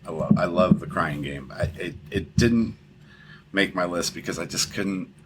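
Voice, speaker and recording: Podcast co-host, male, very low voice, rambling casual film talk, audible noise on the track. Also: normal speed. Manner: rambling, repeats words, swears casually.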